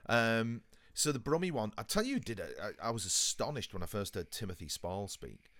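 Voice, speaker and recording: A man's voice: lowish voice, sing-song, moderate pace, fairly bright tone. A man from England co-hosting a casual podcast, easygoing and chummy, telling anecdotes. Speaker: podcast co-host. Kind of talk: casual chat.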